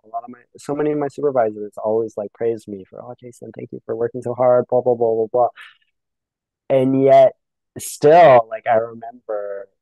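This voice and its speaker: A man's voice: lowish voice, mellow, dry recording, poor audio. A young Canadian man speaking reflectively as a podcast guest, often acting out the voices of people he quotes. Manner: reflective, filler-heavy, acts out quoted exchanges. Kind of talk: casual conversation.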